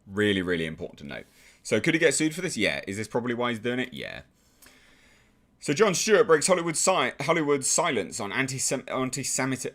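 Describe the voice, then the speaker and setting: An exasperated YouTube commentator with an English accent swears freely through his casual, sarcastic remarks. His voice is low-pitched yet fairly bright in tone.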